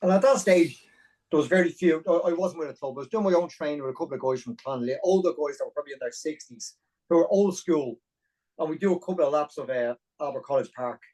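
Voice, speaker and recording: A man in his forties from Dublin with an Irish accent, a podcast guest telling his story in a lively, self-deprecating way with many restarts. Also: on the high side, fast talker, recorded from a distance, rough recording. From Ireland. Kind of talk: conversational storytelling.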